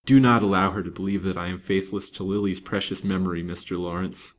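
A modest young gentleman , as a male reader voices him, subdued and bitter, in a low, somewhat soft tone. He sounds resigned rather than forceful. It is a storybook reading. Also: steady tone, quick pace, close to an everyday voice.

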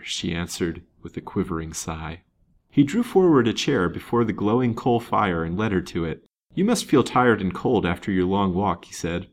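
Man, fairly low voice, audiobook reading, old novel, lifts voice for characters' lines. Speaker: reader.

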